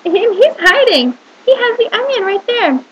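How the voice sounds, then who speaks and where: Very high, lively woman reading to children. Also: normal speed, slight background noise, rough recording. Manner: animated storytelling with questions to the listener. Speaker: teacher. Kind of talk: reading a picture book aloud to young children.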